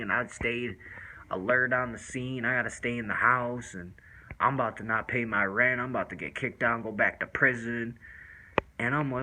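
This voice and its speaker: A man's voice: mid-range voice, fairly even intonation, moderate pace, sharp tone, slight background noise, rough recording. A man casually telling a first-person story in loose, rambling street slang with lots of fillers.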